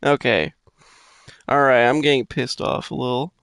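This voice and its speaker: A man playing a video game and commenting, swearing at enemies, talking to his chat and bursting into loud shouts. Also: mid-range voice, normal speed, gravelly, clear, resonant tone, dry recording. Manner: profane, trash-talks enemies, addresses chat. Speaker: gamer commenting on his own play. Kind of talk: let's-play commentary.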